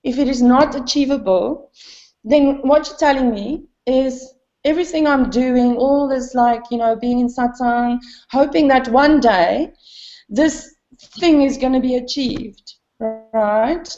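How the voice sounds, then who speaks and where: A woman talks through her doubts in a candid spiritual conversation, rambling with many fillers and laughing at herself. Her voice sits high. The recording is roomy and muffled. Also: a little slow, mellow. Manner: self-deprecating, laughs often. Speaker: satsang participant. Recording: dull, roomy, low-fidelity.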